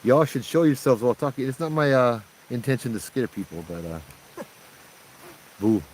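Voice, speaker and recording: A young man with a Hawaiian accent hosts a livestream outdoors at night, his pitch swinging up and down as he jokes and reads out comments. His voice sits at an ordinary mid-range pitch, with a faint hiss of noise behind it. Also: expressive, quick pace, a little mellow, low-quality recording. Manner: jokey, chatty, reads out chat comments. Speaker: livestream host. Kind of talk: casual livestream chat.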